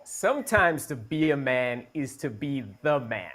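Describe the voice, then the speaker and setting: A man's voice: mid-range voice, very animated, a little slow, a bit bright. A man co-hosting a podcast, delivering an emphatic comic opinion built on rhetorical questions. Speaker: podcast co-host. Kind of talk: comedic opinion segment.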